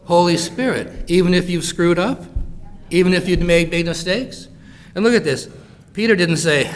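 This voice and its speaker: Against slight background noise, a man with a high-sitting voice preaches at normal speed, explaining a Bible passage in casual modern language. He's animated and acts out the quoted lines in voices.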